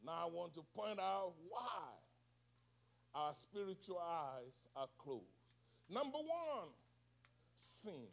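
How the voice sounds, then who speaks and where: A male preacher delivering a sermon with call-and-response, moving from hushed, soft passages to shouted climaxes. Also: high-pitched, big pitch swings, slow pace, vocal fry, long pauses.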